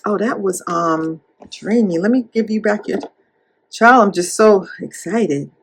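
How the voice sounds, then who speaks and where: A woman chatting casually while counting cash at home, animated and playful as she retells a story. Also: medium pitch, a little slow, slightly rough. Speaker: cash-stuffing YouTuber.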